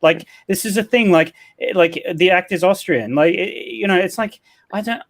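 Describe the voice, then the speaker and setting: Casting: talkative man, slightly higher voice, rambling live-stream host. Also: moderate pace, gravelly. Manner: animated, rambling, repeats himself. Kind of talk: casual live-stream debate.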